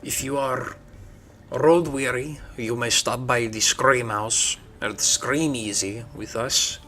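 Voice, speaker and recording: A man's voice: medium pitch, steady tone, slow, sharp tone. A man voicing a huge scarred one-eyed troll who speaks with formal courtesy, for a tabletop game. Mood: courteous.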